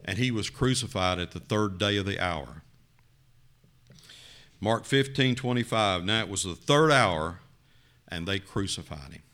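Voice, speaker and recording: A man preaching a sermon, telling a story with dramatic rises and quiet drops. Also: animated, a little slow, pauses often. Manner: dramatic, rising to loud emphasis then dropping low.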